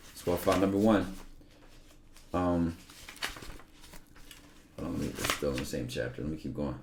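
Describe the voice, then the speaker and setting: A man's voice: a bass voice, moderate pace, background noise. A young man livestreaming, talking casually and emphatically, with lots of profanity, and sometimes reading aloud from a book.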